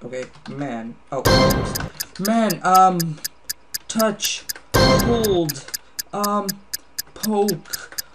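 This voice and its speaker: A man's voice: sits high, animated, extremely slow, pauses often, loud music behind the voice. A tired man casually commenting while playing an online drawing game, muttering guesses and swearing at himself. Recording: noisy home recording with ticking.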